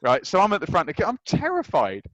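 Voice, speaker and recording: Lively man telling stories, dry sound. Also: sits high, fast, no echo, highs cut off. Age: 30s. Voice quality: lively storyteller who acts out scenes. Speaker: guest. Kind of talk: anecdotal chat.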